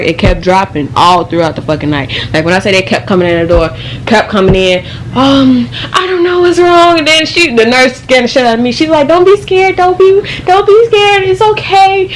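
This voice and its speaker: A young woman vlogger telling a casual, profanity-laced story in slang, animated and fast-moving. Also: mid-range voice, a little hiss or hum.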